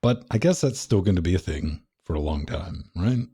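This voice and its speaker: A man's voice: low voice, lively intonation, normal speed, warm tone, husky. A man co-hosting a tech podcast in casual chat, joking and self-deprecating as he talks. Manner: joking, self-deprecating, puts on mock voices. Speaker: podcast co-host. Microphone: studio mic.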